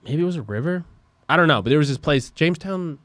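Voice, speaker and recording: A man's voice: fairly high pitch, animated, fast, a bit bright, dry recording. A young man co-hosting a podcast, telling rambling stories full of fillers and swearing in casual chat. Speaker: podcast co-host.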